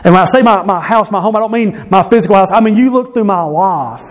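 Guy preaching a sermon, kinda high voice, earnest and chatty, lots of restarts. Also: fast talker. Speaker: pastor.

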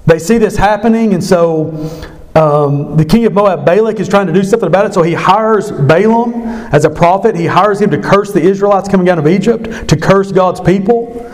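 A man's voice: sits high, normal speed. A man retelling a scripture story to an evening Bible study, conversational and emphatic. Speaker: Bible teacher.

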